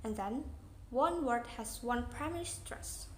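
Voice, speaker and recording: A woman's voice: a little high, animated, measured pace. A young woman with an Indonesian accent reads out an English pronunciation lesson in a plain explaining manner. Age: young adult. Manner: plain, read-aloud explaining. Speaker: student presenter. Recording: echoey room, faint noise.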